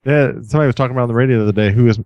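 A man from the Houston area co-hosts a casual comedy chat, reading odd news items with a joking build-up. His voice is mid-pitched and sounds dry and close. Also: racing, no echo, highs cut off. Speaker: podcast co-host.

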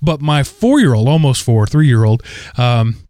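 A man in his forties, co-hosting a podcast, telling a rambling, animated story full of fillers. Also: mid-range voice, a little slow, no room sound, clean studio sound. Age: 40s. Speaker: podcast co-host. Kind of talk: casual chat.

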